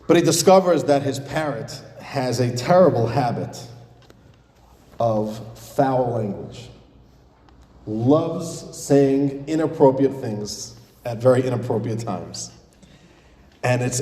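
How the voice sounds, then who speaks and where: A man, a rabbi, giving an animated sermon with a joke, calling his audience dear friends. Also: medium pitch, unhurried. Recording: echoey hall reverb.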